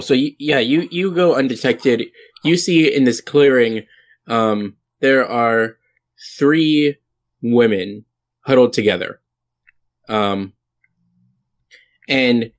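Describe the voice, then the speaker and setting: This is a man running a tabletop game as its game master. His pitch sits at an everyday middle, and he narrates casually, stopping and restarting often around plenty of fillers. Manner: halting, many fillers and restarts.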